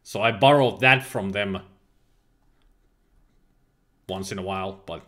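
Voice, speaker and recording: With a deep, pushed and bright voice at a slow pace, a man from Finland streams a game and chats casually. A native Finnish speaker, he reads viewer messages aloud, replies with lots of laughs, and makes playful exclamations.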